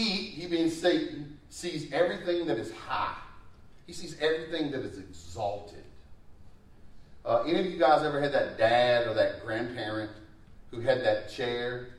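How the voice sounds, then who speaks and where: A man, a pastor preaching a sermon in a conversational way, his pace and loudness rising and falling. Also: mid-range voice. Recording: echoey room, mic at a distance.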